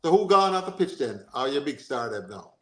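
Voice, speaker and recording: A Jamaican-accented man hosts a casual football chat on a podcast, speaking fast at a medium pitch in a reverberant space. He's animated, repeats himself, and keeps asking "you understand?"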